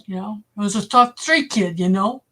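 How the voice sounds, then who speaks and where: A woman's voice: medium pitch, moderate pace. Blunt woman from Boston, telling stories. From Boston area. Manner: blunt, animated storyteller, acts out quoted voices. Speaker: livestream host. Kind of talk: casual storytelling to a live chat.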